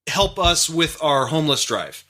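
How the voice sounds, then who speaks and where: A man's voice: fairly high pitch, sing-song, unhurried, bright, forceful tone. Rambling, profane podcast co-host, man. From Massachusetts. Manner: rambling, profane, many restarts. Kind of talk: casual podcast chat.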